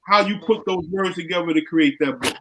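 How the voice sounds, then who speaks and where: A man hosting a podcast, interviewing a guest casually and backing him up with quick affirmations. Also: on the high side, a little hiss or hum, low-quality recording. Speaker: podcast host.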